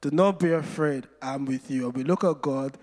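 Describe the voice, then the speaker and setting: A man preaching a sermon, telling stories with playful asides and slowing down to stress scripture. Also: medium pitch, darkish tone. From Nigeria. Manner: storytelling with playful asides and slow, emphatic scripture lines. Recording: long hall reverb.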